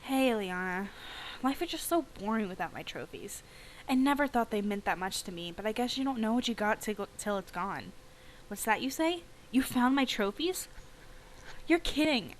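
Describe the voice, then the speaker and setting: A woman's voice: on the high side, lively intonation, normal speed, slight background noise, close to an everyday voice, poor audio. A woman voicing a competitive teenage girl rider in a game, with rising, disbelieving exclamations. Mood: relieved.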